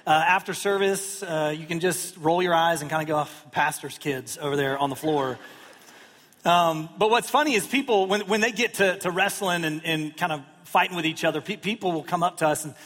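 A man in his thirties preaches to his congregation in an easy, joking way, acting out little quotes along the way. His voice sits high for a man. The sound carries a long reverb, as if from a large church sanctuary. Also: a little fast, few pauses, fairly bright tone. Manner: conversational, self-deprecating humor with acted-out quotes. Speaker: pastor. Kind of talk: sermon.

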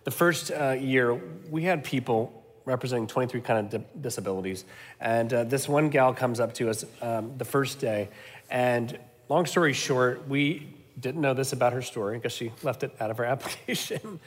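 A man's voice: medium pitch, moderate pace. A middle-aged man telling a story in conversation as a guest, earnest and rambling with fillers. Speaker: guest, camp founder. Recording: reverberant room.

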